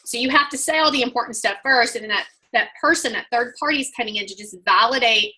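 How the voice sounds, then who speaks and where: A woman's voice: fairly high pitch, quick pace, pushed and bright, low-quality recording. A woman with an Oklahoma accent coaching a group on follow-up conversations, upbeat and emphatic. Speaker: sales trainer.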